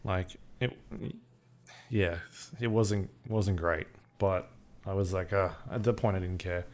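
Low-voiced, laid-back man on a podcast. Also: steady tone, a little slow, darkish tone. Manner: laid-back, dry, understated. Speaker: podcast co-host. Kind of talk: casual podcast banter.

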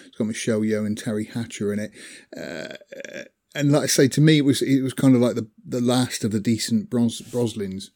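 Chatty man with a mellow voice. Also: mid-range voice. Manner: chatty, rambling, with frequent fillers and small laughs. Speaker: film reviewer. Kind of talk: casual film chat.

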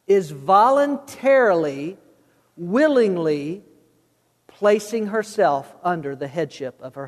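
A man's voice: high-pitched, a little mellow, big-room sound. A man preaching a sermon as pastor, conversational and humorous, repeating words as he goes.

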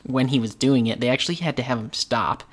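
Brief: male podcast host, mid-pitched voice, eager and opinionated, loose chat. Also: fast talker. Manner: enthusiastic, opinionated, casual. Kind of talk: casual chat.

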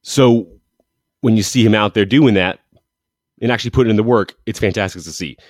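In this casual sports commentary monologue, a man with a slightly low-pitched voice hosts an informal football show at a fairly quick clip. Brimming with eager enthusiasm, he wanders off on tangents and corrects himself along the way. There's no room sound at all; the audio is close and dry.

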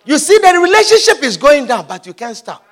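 A male preacher with a very high, bright voice delivers a sermon with emphatic, repeated lines. He often shouts and laughs, and his pitch swings widely. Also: sing-song, fairly quick.

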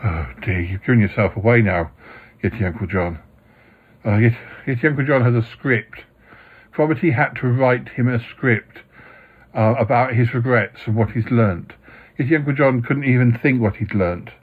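Husky man hosting a podcast. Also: medium pitch, moderate pace. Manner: gently scolding, patient. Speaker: podcast host. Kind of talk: casual chat with a puppet-style character. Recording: dull lo-fi sound.

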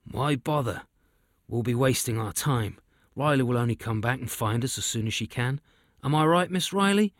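A man reading a storybook, voicing a calm, dry-humoured old wizard in a lowered, measured voice. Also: no room sound, lightly acted. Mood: wry.

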